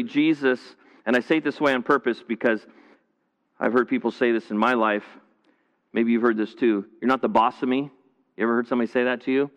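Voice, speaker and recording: Pastor, male, mid-pitched voice, conversational sermon full of restarts, slightly muffled in a reverberant church hall. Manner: conversational preaching with frequent restarts and repetition. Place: church, streamed to viewers at home.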